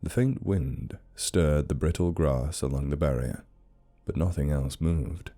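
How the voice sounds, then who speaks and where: Very deep, dark-toned horror narrator man. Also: a little slow.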